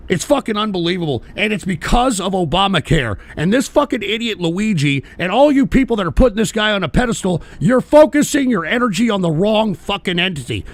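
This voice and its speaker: An older man hosting a political podcast, ranting angrily with heavy profanity and shouting at times. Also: high voice, very animated, a little fast, few pauses, dry recording. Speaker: podcast host.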